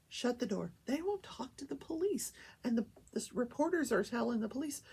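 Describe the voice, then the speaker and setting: A woman's voice: on the high side, animated, a little fast, few pauses, darkish tone, slightly rough. An older woman hosting a casual talk show, telling a story animatedly and acting out the quoted voices.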